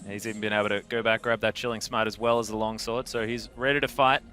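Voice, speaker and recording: A man casting an esports match play-by-play, calm in quiet stretches and shouting when fights break out. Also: fairly low pitch, quick pace, music in the background. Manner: rises to shouting in big fights. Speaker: esports caster. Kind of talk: play-by-play commentary.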